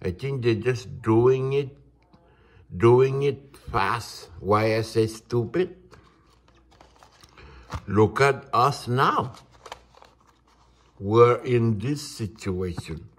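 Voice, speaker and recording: A man, ranting in a halting, indignant monologue. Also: mid-range voice. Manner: indignant, halting, restarts words. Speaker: vlogger.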